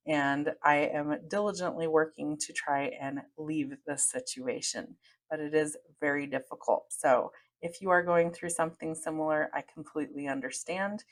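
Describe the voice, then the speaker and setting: A woman hosting a podcast, talking in an earnest, steady, advice-giving monologue. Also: deep voice. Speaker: podcast host.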